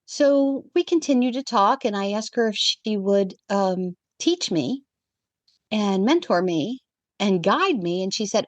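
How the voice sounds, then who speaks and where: A woman of middle pitch tells her own story as a podcast guest. She is animated and voices the other people in the story as she goes. The sound is dry and close, with no room echo. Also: measured pace, dull audio. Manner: animated storyteller who acts out the quoted dialogue. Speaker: guest, evidential medium. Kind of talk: personal storytelling in a podcast conversation.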